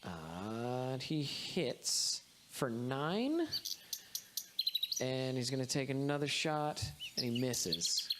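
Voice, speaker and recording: A man's voice: medium pitch, very animated, slow. A man running a tabletop game as game master, calling rules and laughing often. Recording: noisy background hiss.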